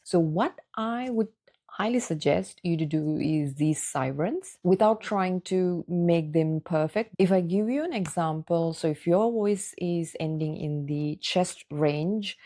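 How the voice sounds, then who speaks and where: A woman vocal coach leads a guided singing lesson, encouraging the listener through each exercise. Her voice sits a little low and sounds mellow and warm. She speaks at an unhurried, patient pace.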